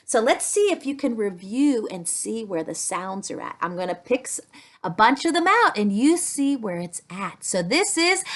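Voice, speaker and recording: Stretching out her sounds and speaking at a slow pace, a female speech-language pathologist uses toys to teach young children a speech sound. Her voice sits high and is slightly bright.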